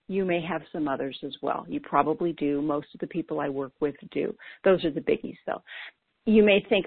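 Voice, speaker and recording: A woman's voice: sits low, normal speed, slightly rough, dry recording. A woman coach with ADHD giving an earnest, lightly playful scripted talk about self-talk. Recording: dry, tinny phone-like sound.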